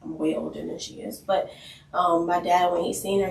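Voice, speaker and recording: A woman co-hosting a podcast in casual chat, telling animated stories and acting out quotes. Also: on the low side, fairly quick, gravelly, a little hiss or hum. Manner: animated storyteller, acts out quotes. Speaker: podcast co-host. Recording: roomy, distant mic.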